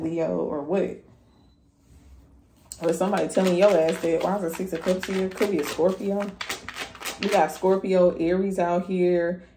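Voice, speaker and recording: A woman's voice: fairly low pitch, roomy sound, noisy background. A woman giving a casual tarot reading, blunt and profane, talking straight to her viewers. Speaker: tarot reader.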